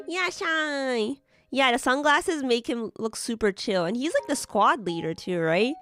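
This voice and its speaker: A young adult woman streamer, a bit hoarse from being sick, chatting with viewers while building models, giggly and full of filler words. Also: sits high, expressive, takes it slowly, fairly bright tone, faint music behind.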